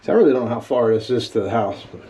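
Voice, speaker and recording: Brief: man, mid-pitch, folksy and self-deprecating DIY vlogger talking through a hands-on job outdoors; clear clicky noise underneath. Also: rapid-fire, mellow. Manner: folksy, wry and self-deprecating, talks to viewers mid-task. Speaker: DIY home restoration vlogger. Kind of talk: casual narration while working. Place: outdoors at a house and well house, digging.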